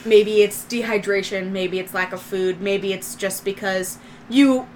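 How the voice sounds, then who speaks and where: A woman's voice: mid-range voice, steady tone, unhurried, a little hiss or hum. A woman narrating as game master of a tabletop game, describing scenes in a loose, descriptive way with fillers.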